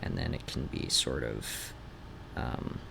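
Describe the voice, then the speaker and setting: A man's voice: extremely low pitch, slow, creaky, noisy background. A man streaming while he sketches, thinking aloud, trailing off and restarting, with a faint Canadian-like North Idaho accent. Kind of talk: rambling drawing stream. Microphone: desk mic.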